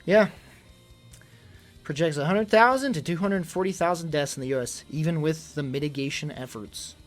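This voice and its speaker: A young man streaming live in casual chat, out of breath, rambling and worried, swinging between loud emphasis and low mutters. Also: moderate pace. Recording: faint music behind.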